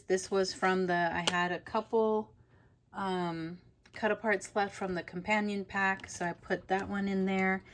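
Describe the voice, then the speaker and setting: A woman's voice: on the low side, slight background noise. A woman hosting a casual papercraft tutorial, chatty and rambling, often laughing between thoughts. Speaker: papercraft channel host. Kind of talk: casual crafting tutorial chat.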